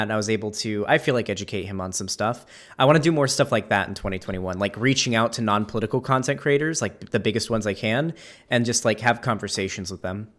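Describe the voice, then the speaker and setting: A man's voice: fairly low pitch, a bit bright. A man hosting a casual conversation, rambling with many fillers and restarts. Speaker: streamer and host.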